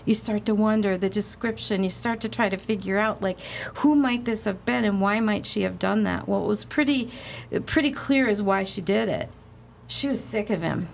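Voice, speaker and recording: A woman casually telling a ghost story on a podcast, animated and laughing, acting out the quotes. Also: medium pitch, moderate pace, creaky, slight background noise. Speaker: guest, haunted inn representative.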